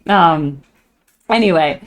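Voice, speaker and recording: A woman's voice: low voice, expressive, slow pace. An American woman hosting a music reaction video, rambling in casual chat with frequent fillers. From United States. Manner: sings snatches of songs. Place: at home in the morning.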